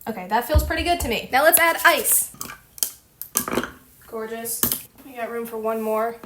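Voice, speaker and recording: A young woman with a slightly high voice chats playfully through a casual home how-to vlog. She gushes and jokes as she goes. A faint hiss sits under the recording. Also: normal speed. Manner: chatty, playful and gushing. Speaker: vlogger.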